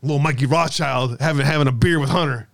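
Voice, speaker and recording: A man's voice: on the high side, fast, creaky. A man hosting a casual livestream, jokey and sarcastic, laughing often as he talks to his viewers. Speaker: livestream host.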